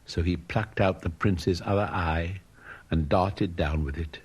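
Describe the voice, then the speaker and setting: A man narrating a storybook with expressive, dramatic delivery. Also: deep voice, measured pace, breathy edge. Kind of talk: storybook reading.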